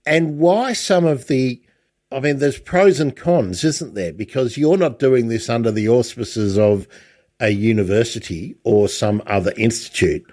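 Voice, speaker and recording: A man's voice: medium pitch, unhurried, darkish tone. A man, hosting a podcast and asking questions in a chatty, wandering way. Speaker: podcast host. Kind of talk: casual interview.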